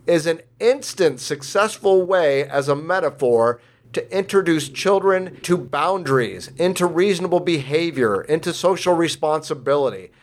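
A man with a fairly high voice speaks as the host of a conversation. He lays out his points in an assertive, explanatory way. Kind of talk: conversational commentary.

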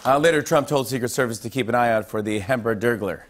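Punchy late-night host delivering comedy monologue. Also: male voice, mid-range voice, fast talker, a loud crowd. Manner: punchy joke delivery with playful emphasis. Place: television studio with live audience. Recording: studio audience laughter and noise.

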